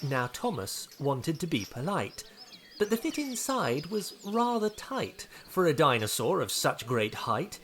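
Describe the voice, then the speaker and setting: An Australian man from Tasmania narrating his own children's story in a gently expressive, playful way. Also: on the high side, unhurried, a little hiss or hum. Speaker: narrator and author.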